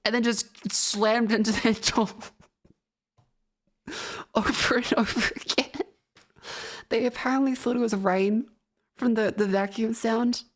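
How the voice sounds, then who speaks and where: A woman's voice: fairly high pitch, fairly even intonation, a little slow, long pauses. Woman streamer telling a story casually. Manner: rambling, profane storytelling broken by laughter. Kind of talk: casual chat.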